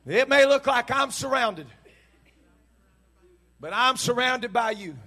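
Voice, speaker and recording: A pastor preaching in church with a very high, piercing male voice. His tone is bright and forceful, and he swings between fervent shouting and easygoing asides to the congregation. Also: lively intonation, takes it slowly. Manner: impassioned preaching that builds to shouts; casual, joking asides to the congregation. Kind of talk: sermon.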